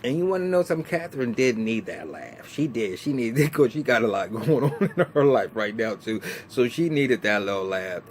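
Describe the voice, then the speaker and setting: Man, TV episode reviewer, casual recap, colloquial, restarts, laughs often, medium pitch. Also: animated, fairly quick, hardly any pauses, slight background noise.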